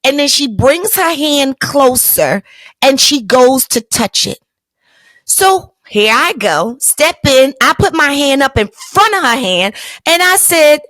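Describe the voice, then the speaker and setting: A woman's voice: high-pitched, very animated, slow, a bit bright, no room sound. A woman hosting a podcast, telling a personal story in an emphatic, colloquial, motivational way. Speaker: podcast host.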